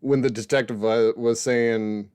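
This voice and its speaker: A man's voice: medium pitch, fairly even intonation, unhurried, darkish tone, smooth, no echo, studio quality. A man co-hosting a casual film review podcast, rambling and correcting himself as he talks. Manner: rambling, self-correcting, laughs often. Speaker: podcast co-host film critic.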